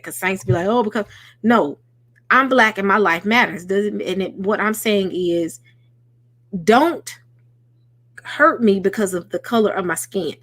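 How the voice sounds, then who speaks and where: A woman's voice: medium pitch, a bit bright, no echo, studio quality. A woman hosting a late-night livestream, talking earnestly and conversationally to her chat. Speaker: host.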